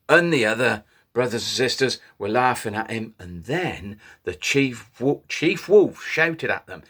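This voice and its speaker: A man telling a children's story in an animated way, inviting little listeners to join in. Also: mid-range voice, moderate pace, hardly any pauses. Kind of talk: interactive children's story reading.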